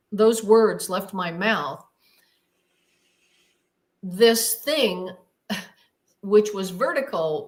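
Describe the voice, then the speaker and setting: A woman's voice: mid-range voice, fairly bright tone. A woman being interviewed who tells her story with emphasis and drama, acting out her own inner thoughts as she goes. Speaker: guest.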